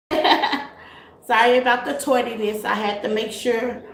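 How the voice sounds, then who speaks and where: A woman's voice: a little high, steady tone, takes it slowly. A woman hosting a tarot live stream, chatting casually and greeting her viewers with terms like baby and honey. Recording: echoey room, faint noise.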